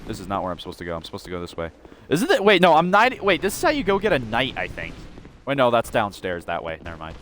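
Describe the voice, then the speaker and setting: A man's voice: mid-range voice, wildly swooping pitch, fast, fairly bright tone, a little hiss or hum. A man ranting loosely while playing a game, rambling and often restarting his sentences. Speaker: gaming video creator. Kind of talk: unscripted gameplay rant.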